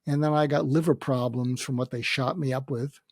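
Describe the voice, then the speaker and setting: An older man, a podcast guest, telling a personal story reflectively, pausing often and quoting what others said. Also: mid-range voice, fairly even intonation, a little mellow, no room sound, clean studio sound. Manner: reflective, with many hesitations and quoted dialogue. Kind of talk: storytelling in a conversation.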